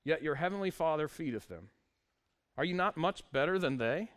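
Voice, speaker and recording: A man's voice: on the high side, lively intonation, moderate pace, fairly bright tone. A male pastor preaching a sermon, reading scripture aloud with wry, conversational asides to the congregation.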